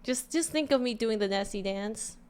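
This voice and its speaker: A bubbly woman with a Californian drawl chats on a live stream, her voice sitting a little on the high side. She giggles often and tumbles over her words, repeating them as she goes. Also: normal speed, darkish tone, smooth. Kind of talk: casual live-stream chat.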